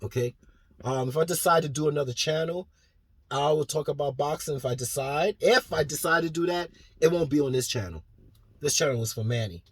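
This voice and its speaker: Male boxing fan-vlogger, passionate and rambling, with a husky tone in a dry, close recording. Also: on the high side, fairly quick, no echo. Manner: passionate, rambling, swears freely. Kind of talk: casual fan commentary vlog.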